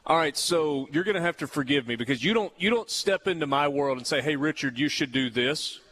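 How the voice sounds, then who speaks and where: A man's voice: fairly high pitch, a little fast, a bit bright. A man hosting a radio talk show, bantering playfully with a guest and making a fundraising appeal from the studio. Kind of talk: casual on-air chat and fundraising appeal.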